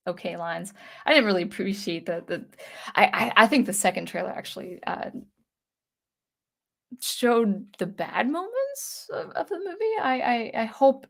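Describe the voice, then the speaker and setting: A woman's voice: medium pitch, a bit bright. A woman in her thirties chats casually on a livestream, reading viewers' comments aloud. Her voice sounds weak and thick with phlegm from allergies. She rambles and hesitates, often starting her sentences over. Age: 30s. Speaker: channel host reading live chat.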